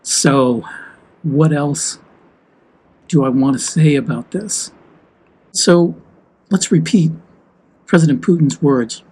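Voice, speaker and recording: A man's voice: fairly high pitch, takes it slowly, pauses often, a little mellow, slightly rough, poor audio. A man from the United States talking heatedly and emphatically in a walk-and-talk vlog. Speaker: vlogger.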